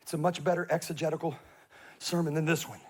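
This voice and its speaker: A man's voice: on the high side, quick pace. A man preaching a sermon, telling a comic story and acting out the voices in it. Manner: animated, acts out voices in his stories. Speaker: pastor.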